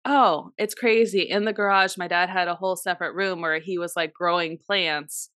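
A woman's voice: on the low side, steady tone, normal speed, fairly bright tone, no echo, clean studio sound. Laid-back young woman, swearing casually. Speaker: podcast co-host. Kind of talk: casual storytelling chat.

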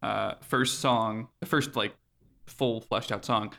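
A man's voice: lowish voice, fairly even intonation, takes it slowly, creaky, sharp tone. A man co-hosting a podcast, talking casually in a rambling way with frequent laughs. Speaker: podcast co-host. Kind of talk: casual chat.

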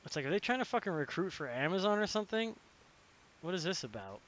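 A young man in casual podcast chat, ranting animatedly and swearing, acting out characters in quick impressions. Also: high voice, very animated, fairly bright tone.

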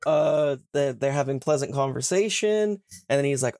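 A man's voice: mid-range voice, lively intonation, creaky, a little mellow, no echo, clean studio sound. A man hosting a podcast, casually retelling a book's plot, with swearing and slangy paraphrased dialogue. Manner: irreverent, swears, paraphrases characters in quick modern slang. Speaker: podcast host.

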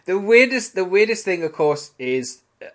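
A man's voice: high voice, sing-song, moderate pace. A man with a British accent hosting a podcast, talking through a sitcom episode in a rambling, analytical way with fillers. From Britain. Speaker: podcast host. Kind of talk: casual chat.

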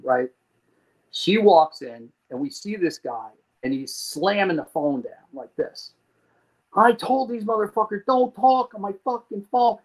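A man from New Jersey tells a story as a podcast guest, swearing often and acting out what happened. His voice sits a little higher than most men's. He is animated and comic throughout. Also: poor audio. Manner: animated, swearing, acts out scenes.

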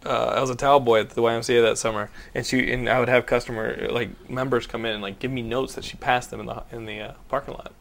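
A man's voice: medium pitch, fairly even intonation, fast talker, creaky, few pauses, a bit bright. A young man hosting a podcast, telling a story animatedly, acting out voices, swearing and laughing. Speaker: podcast host. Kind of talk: casual chat.

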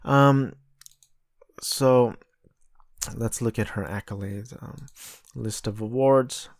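A man's voice: medium pitch, slow, vocal fry, no echo, studio quality. A man chatting casually and bluntly, thinking aloud and running through a list of nominees. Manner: blunt, offhand, swears. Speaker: host. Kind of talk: casual chat.

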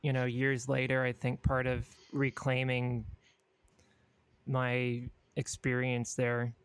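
A man from Utah co-hosting a podcast in casual chat, relaxed and reflective, halting with fillers. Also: medium pitch, clear, resonant tone, dry recording. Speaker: podcast co-host.

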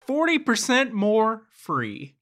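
Slow-talking bright-voiced man, laid-back. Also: high voice, huge pitch swings. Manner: laid-back, profane, chuckling. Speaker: co-host. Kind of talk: casual podcast snack review.

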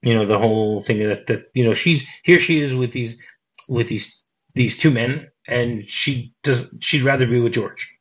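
A man hosting a casual film podcast, talking in halting bursts and often repeating his words. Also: medium pitch. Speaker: podcast host. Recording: dull lo-fi podcast audio.

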